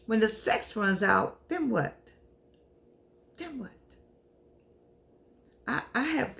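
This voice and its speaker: Her voice medium in pitch and edged with vocal fry, an older professor of the humanities addresses the camera on her own show. The monologue is casual and heartfelt yet preachy; she repeats herself, invokes the Lord, and sounds on the verge of tears.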